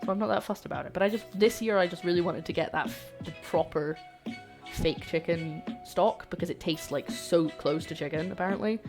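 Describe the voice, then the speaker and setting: With music in the background, a young cooking streamer talks briskly in a fairly low voice. She's chatty on her casual kitchen livestream, warmly saying hello to viewers and cracking jokes as she cooks.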